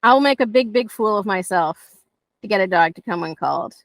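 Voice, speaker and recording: A woman's voice: medium pitch, expressive, a little fast, no echo. A woman dog trainer teaching conversationally, telling stories and acting out dialogue in playful voices.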